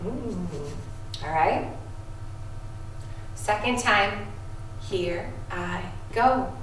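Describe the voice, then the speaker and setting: A woman music teacher leading a lesson for second graders, calmly encouraging them and chanting rhythm syllables. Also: mid-range voice, very slow, very noisy. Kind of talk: video music lesson for children. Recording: echoey room, voice from a distance.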